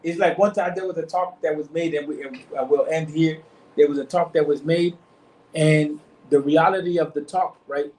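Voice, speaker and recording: A slightly high, darkish voice with a steady tone and normal speed belongs to a study circle leader running a casual religious discussion for a small group. He meanders, says things more than once, and repeatedly asks "you see what I'm saying?", while the echoey room, distant mic and faint noise color the audio.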